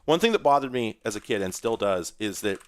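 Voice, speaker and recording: A man's voice: on the low side, animated, fairly quick, a little mellow. A man streaming live, rambling and sarcastic, who swears and laughs at his own troubles. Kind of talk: casual livestream commentary.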